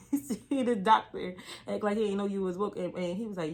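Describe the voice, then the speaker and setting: A young adult woman telling a story from her job in a casual vlog, animated and slangy, with a lot of emphasis. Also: medium pitch, brisk.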